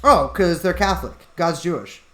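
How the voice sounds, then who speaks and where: Playful podcast co-host, lively voice. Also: male voice, sits high, normal speed. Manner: playful, goofy, feigns ignorance about sports. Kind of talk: casual joking chat.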